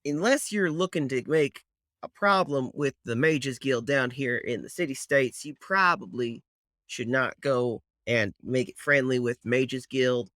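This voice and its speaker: A man's voice: mid-range voice, a little slow, fairly bright tone, no echo, studio quality, close to an everyday voice. A man voicing a bearded male gnome druid who talks in a folksy drawl and grumbles about mages, in a tabletop role-play. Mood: folksy grumbling.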